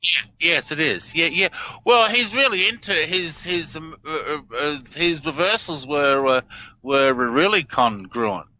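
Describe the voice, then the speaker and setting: An excitable man, eagerly explaining things as a guest on a radio interview. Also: a little high, measured pace, no echo. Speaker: guest analyst. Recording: dull lo-fi audio.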